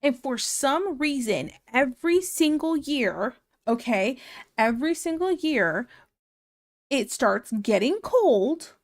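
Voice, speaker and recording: A woman's voice: high-pitched, sing-song, slow. A woman streamer chatting casually and reading viewer comments aloud, ranting in an exasperated way and laughing often.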